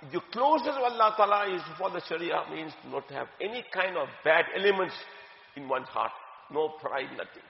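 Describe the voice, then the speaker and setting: A woman's voice: fairly low pitch, lively intonation, normal speed, gravelly. Woman religious teacher, earnest and repetitive, recorded in a big reverberant hall. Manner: earnest, repeats key phrases for emphasis. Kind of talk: religious talk. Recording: dull, echoey hall with long reverb.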